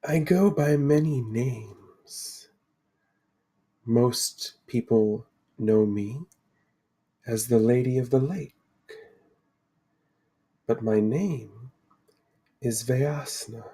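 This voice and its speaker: A man's voice: mid-range voice, warm tone, slightly rough. A man voicing a serene ancient spirit woman. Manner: slow, measured, solemn pronouncements. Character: serene ancient female fate spirit, calm and cryptic.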